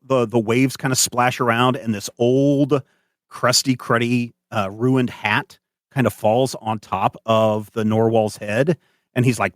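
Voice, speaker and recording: A man narrating as game master of a tabletop game, animated and hesitant with many fillers. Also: medium pitch, slow, dry recording, studio quality.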